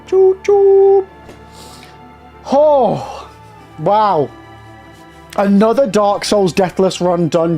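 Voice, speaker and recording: Casting: young male streamer, high voice, thrilled and still shaking from a victory, faint music underneath. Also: a little mellow. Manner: elated and jittery, talking to chat in bursts. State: shaky with nerves after a win. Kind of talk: excited live-stream chat.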